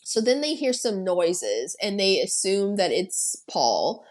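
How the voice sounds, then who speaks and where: A woman's voice: mid-range voice, slow pace. A woman co-hosting a podcast, retelling a horror film in casual, profane chat and acting out the characters' lines. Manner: animated, profane storytelling with acted-out quotes. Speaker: podcast co-host.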